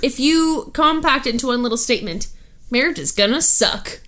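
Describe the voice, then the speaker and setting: A woman's voice: high voice, lively intonation, moderate pace, fairly bright tone. A woman co-hosting a casual podcast with her husband, earnest and reassuring, laughing often. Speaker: podcast co-host. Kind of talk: casual chat.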